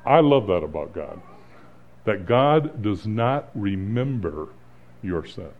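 A middle-aged man preaching as a pastor in an earnest, conversational way, pausing and restarting, then rising to emphatic points. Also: lowish voice, big pitch swings. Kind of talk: sermon. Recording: slightly dull, lo-fi sound.

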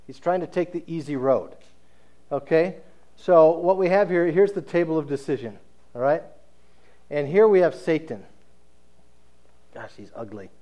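A man's voice: fairly high pitch, normal speed, dark tone. A man preaching a sermon in a conversational storytelling way, often checking in with his listeners.

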